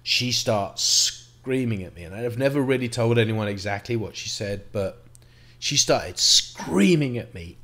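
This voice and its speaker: A middle-aged man, telling a painful personal story to camera in a halting, reflective way, with restarts and the odd swear word. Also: mid-range voice, fairly bright tone. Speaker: vlogger.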